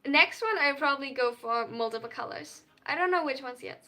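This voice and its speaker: High bright German-accented streamer. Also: brisk, faint music behind. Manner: earnest, reads chat aloud and replies at length. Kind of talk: live stream, answering chat.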